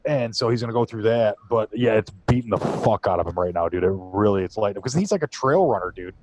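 A man's voice: fairly low pitch, animated, quick pace, background noise. A man hosting a podcast, telling stories in loose, profane casual chat and laughing often. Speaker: podcast host.

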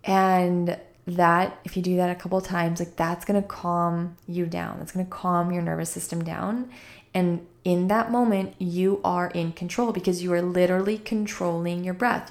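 A woman in her thirties hosting a wellness podcast, talking casually with lots of "like" and "right?", slightly croaky after a run. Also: lowish voice. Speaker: podcast host.

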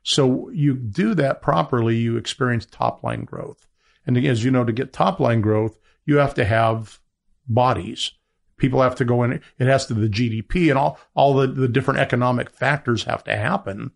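A man talking as a guest in a business interview, rambling with many restarts as he makes his pitch. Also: lively intonation, moderate pace, vocal fry. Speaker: media entrepreneur guest.

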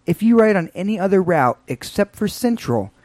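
A man's voice: high-pitched, very animated, normal speed, darkish tone, no echo. A man ranting in a casual chat, with lots of fillers.

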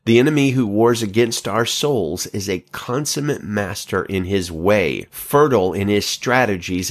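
A man with a somewhat low voice reads scripture on his podcast. His delivery is measured and earnest, and he stumbles over a word now and then. He keeps a steady, unhurried pace through long passages. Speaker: podcast host. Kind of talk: scripture and letter reading.

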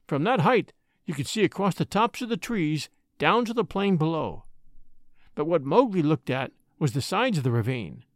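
Expressive male audiobook narrator. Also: fairly high pitch, no room sound, clean studio sound. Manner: expressive, dramatic reading. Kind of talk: audiobook storytelling.

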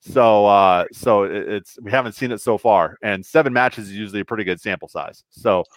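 A man co-hosting a podcast, talking soccer in a hesitant, halting way. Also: lowish voice, no echo. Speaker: podcast co-host. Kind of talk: casual soccer chat.

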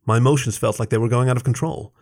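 A man narrating a first-person story aloud in a measured, soft-spoken reading. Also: mid-range voice, fairly even intonation. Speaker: story reader.

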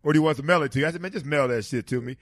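A man, co-host and former football player, talking in casual chat, lively and swearing freely as he tells stories. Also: on the high side, very fast, dry recording. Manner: lively, swears freely, laughs while telling.

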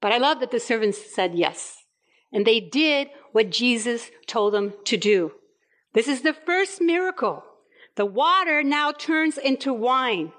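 Preaching a sermon, a woman in her fifties from Puerto Rico tells stories animatedly, acting out scenes with quoted voices. Her voice is on the high side and a little slow.

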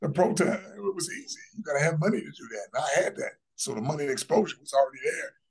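A man's voice: fairly high pitch, animated, fast, gravelly, darkish tone, husky. A man in his fifties talking as a guest in a casual interview, brash and boastful, with emphatic delivery. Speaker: podcast guest.

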